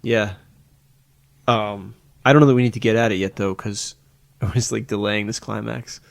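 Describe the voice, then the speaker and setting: A man's voice: fairly low pitch, fairly even intonation, normal speed, gravelly, no room sound. A man co-hosting a podcast in casual chat, rambling and searching for words with many restarts. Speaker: podcast co-host.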